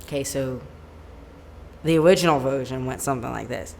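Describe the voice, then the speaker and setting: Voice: mid-range voice, a little fast, gravelly, long pauses. A musician chatting casually on a live stream from home, rambling and leaning on "like" as a filler. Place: home room with a plain white backdrop.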